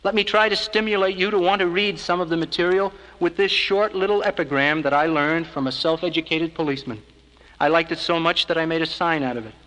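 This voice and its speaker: A man's voice: on the high side, bright, forceful tone, big-room sound, low-quality recording. Earnest man narrating an old filmstrip. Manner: measured, earnest persuasive address. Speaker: organization spokesman narrating a filmstrip.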